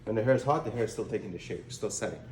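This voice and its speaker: In an echoey salon room with faint ambience, a male hair stylist gives a casual how-to demonstration, instructing and often repeating his words. His lowish, darkish voice is animated and races along, with a little hiss or hum on the recording.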